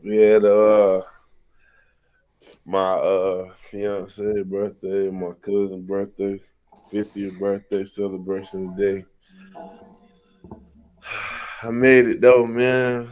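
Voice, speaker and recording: A man co-hosting a podcast in relaxed, slangy casual chat, a little tipsy. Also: lowish voice. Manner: relaxed, slangy, slow drawl. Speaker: podcast co-host.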